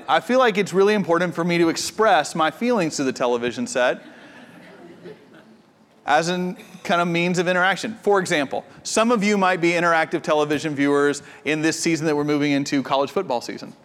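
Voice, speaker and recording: High-voiced pastor with hall reverb. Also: male voice, brisk. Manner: animated storytelling with playful asides. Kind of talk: sermon.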